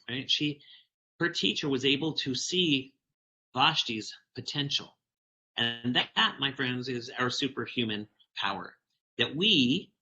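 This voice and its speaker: A man's voice: medium pitch, pushed and bright, highs cut off. A man giving a conference talk, animatedly reading a picture book aloud and telling stories to the audience. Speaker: keynote speaker.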